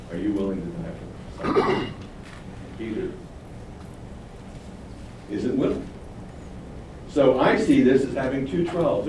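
A man preaching a sermon, animated, acting out quoted lines with sudden rises. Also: mid-range voice. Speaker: pastor. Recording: very echoey room, distant mic, faint noise.

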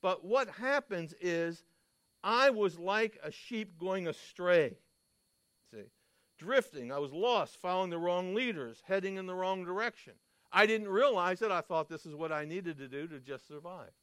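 A man's voice: high voice, a little slow, fairly bright tone, clear, resonant tone, no room sound. A man preaching a sermon, telling stories and asking his listeners questions with emphasis. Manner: emphatic, storytelling, asks the audience questions.

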